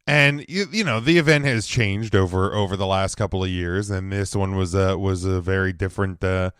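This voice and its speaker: A man's voice: sits low, normal speed, a bit bright, smooth, no echo, clean studio sound. A man hosting a casual solo sports podcast, rambling with lots of fillers and growing emphatic, his throat slightly scratchy. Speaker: podcast host.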